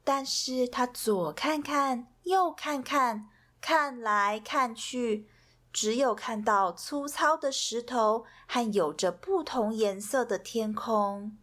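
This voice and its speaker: A woman reading a children's storybook aloud with an expressive, soothing delivery. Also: on the high side, slow pace. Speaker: storybook reader.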